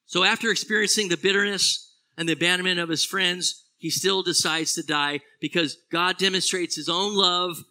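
A man delivering a sermon as pastor, with a fairly high, very bright and forceful voice. He preaches with animation, rising to loud exclamations and dropping to quiet, low phrases. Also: steady tone, normal speed.

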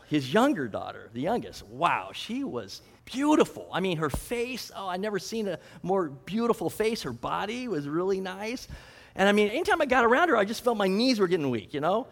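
A man telling a Bible story dramatically in the first person as its hero, conversational, with humorous asides. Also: sits high. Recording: reverberant hall.

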